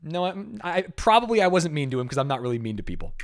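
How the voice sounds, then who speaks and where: A man's voice: fairly high pitch, quick pace. A young man, a streamer, telling a story in a casual, emphatic and defensive way. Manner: animated, emphatic, defensive retelling.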